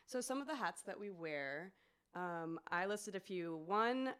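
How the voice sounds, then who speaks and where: A woman's voice: fairly low pitch, lively intonation, measured pace, a bit bright, clean tone. A woman who teaches preschool, co-hosting a podcast in casual chat full of fillers. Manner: chatty, many fillers, acts out story voices.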